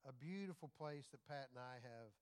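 A middle-aged male pastor preaching in a conversational way, firing rhetorical questions at the congregation and swinging between loud emphatic bursts and quiet asides. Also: mid-range voice, animated, brisk, clear, resonant tone. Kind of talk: sermon.

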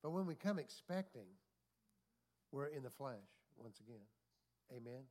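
A man's voice: mid-range voice, animated, moderate pace, darkish tone. A man, a pastor, preaching a sermon with repeated phrases and call-and-response asides. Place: church.

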